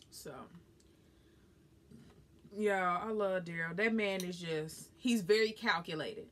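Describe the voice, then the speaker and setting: Speaking slowly with long pauses in a lowish voice, this young Southern US woman chats while eating and going through viewer comments. She's blunt, animated, and swears a lot.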